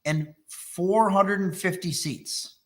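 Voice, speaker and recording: A man from Texas hosting a live sales webinar, pitching a coaching program with fast, enthusiastic delivery. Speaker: sales trainer and host.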